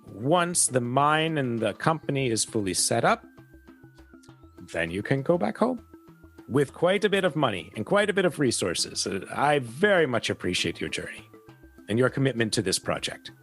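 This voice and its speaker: Gracious rich German patron with a light accent, courteous and measured, medium pitch, voiced by a game master. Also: male voice, sing-song, fairly bright tone, soft background music. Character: wealthy smiling German expedition benefactor, man.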